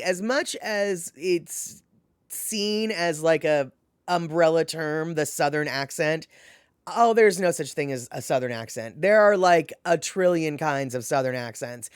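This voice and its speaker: A woman from Washington state hosts a live stream, casually reading and answering her chat. She's animated and chatty, rambling with lots of fillers and frequent laughter, her pitch swooping up and down. The audio is dry, with no room echo.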